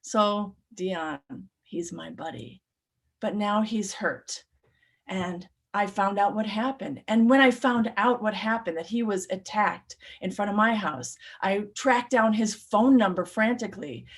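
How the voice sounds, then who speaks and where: An expressive woman recounting a true story for a live storytelling slam. She swings between loud urgency and hushed, quiet passages, at a middling pitch for a woman. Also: measured pace.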